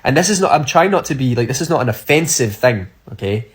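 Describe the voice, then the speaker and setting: A man's voice: mid-range voice, expressive, quick pace. A man talking enthusiastically and with emphasis in a casual social media video.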